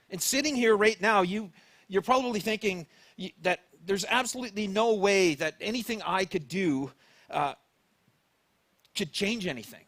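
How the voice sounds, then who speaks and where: A Canadian man preaches from the front of a church, weaving a personal story into his sermon and acting out his own inner voice and the words of others. His voice sits a little high for a man. The sound is close and dry. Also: fairly bright tone, no room sound. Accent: Canadian English. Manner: acts out his own thoughts and quotes with shifting voices. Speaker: pastor.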